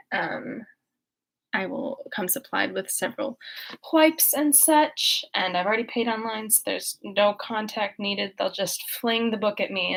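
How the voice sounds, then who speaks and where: A woman's voice: mid-range voice, vocal fry, fairly bright tone. A young woman chatting in a rambling way from her bedroom, then reading a book aloud. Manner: rambling, chatty, full of fillers. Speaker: host and reader. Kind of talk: casual chat and reading aloud.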